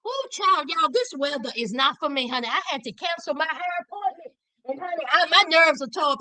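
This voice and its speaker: Sassy high-voiced woman. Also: fairly quick, no room sound. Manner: sassy, animated, Southern slang. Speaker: reality TV commentator. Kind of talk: casual reaction commentary.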